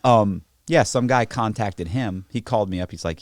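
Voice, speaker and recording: A man telling stories in casual podcast chat, profane and animated, acting out the people in them. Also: lowish voice, moderate pace, hardly any pauses, no room sound. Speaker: podcast guest. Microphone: podcast studio mic.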